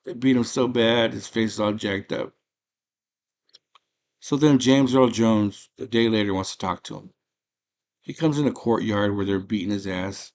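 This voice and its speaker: A man casually retelling a movie plot, animated, jumping into quick voices for the characters. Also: on the low side. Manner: animated storytelling, acting out character lines in quick impressions. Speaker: movie podcast host.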